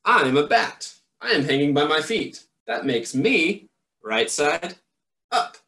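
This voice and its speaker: A man's voice: a little high, big pitch swings, a little slow, bright, forceful tone, full character voice. A man voicing a young female fruit bat, earnest and bewildered, in a storybook reading.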